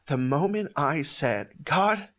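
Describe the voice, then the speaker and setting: Earnest, halting man near tears. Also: a little high, fairly bright tone. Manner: earnest, halting, with many restarts. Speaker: host of a ministry show. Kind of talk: emotional testimony to camera.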